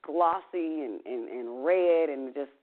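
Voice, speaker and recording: A woman's voice: sits low, takes it slowly. Woman telling her story real candid, swears a bit, lots of "you know", tinny phone sound. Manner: emotional, candid, swears casually, trails off in fillers. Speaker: interview guest.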